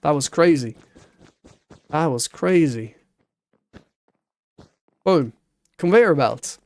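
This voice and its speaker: A man's voice: a little high, lively intonation, extremely slow, darkish tone, dry recording. A man streaming a building game, talking to himself and humming little sound effects as he works. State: hiccuping. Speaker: Minecraft streamer. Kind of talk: casual gameplay commentary.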